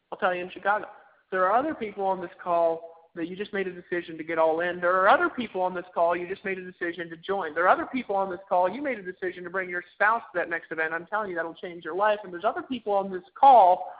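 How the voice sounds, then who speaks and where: A man's voice: high voice, fast talker. A man giving an emphatic, repetitive motivational pep talk to a group on a conference call. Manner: emphatic, repetitive, preachy exhortation. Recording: tinny phone line.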